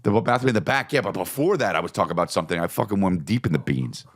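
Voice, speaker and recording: Male comedy podcast host, low gravelly voice, wildly swinging pitch, profane rambling storyteller. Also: rapid-fire. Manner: animated, profane, jumps into bits and voices.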